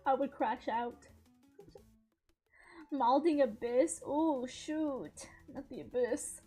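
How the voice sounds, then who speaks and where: A young woman streamer chatting casually while gaming, telling stories in an animated, giggly way. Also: sits high, very slow, breathy edge, faint music behind.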